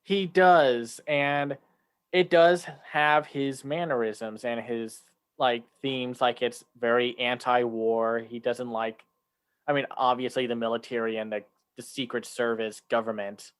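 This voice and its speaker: A man's voice: mid-range voice, fairly even intonation, unhurried, clean tone. A man co-hosting a casual chat, talking loosely with many fillers and restarts, sometimes acting out lines in a raised voice. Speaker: podcast co-host.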